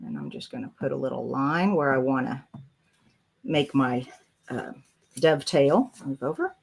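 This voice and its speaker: A woman's voice: rumbling low, lively intonation, normal speed, creaky, breathy edge. A woman, chatting loosely as she talks through a craft project on a live stream. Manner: chatty, rambling, thinks aloud while working. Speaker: crafting channel host.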